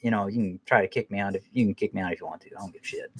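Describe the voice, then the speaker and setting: A man's voice: on the low side, racing, breathy edge, soft background music. A man hosting a podcast who rambles through an angry, profane rant and laughs at himself now and then. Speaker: podcast host.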